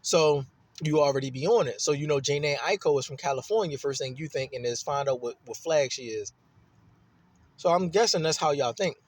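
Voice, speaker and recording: A man's voice: on the high side, brisk. A man from Baltimore with a Baltimore accent, telling a rambling, profane personal story in a casual monologue. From Baltimore, USA.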